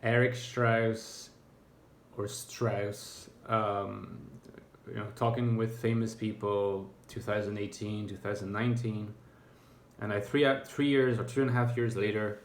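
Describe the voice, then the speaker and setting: Low-voiced man musing in an echoey room. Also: fairly even intonation, moderate pace, a little hiss or hum. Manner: hesitant, thoughtful, many fillers and restarts. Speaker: YouTuber. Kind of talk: reflective casual monologue.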